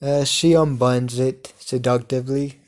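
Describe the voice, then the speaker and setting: A man's voice: medium pitch, steady tone, normal speed. A man improvising a fan story aloud, hesitant with many fillers and laughing at his own plot.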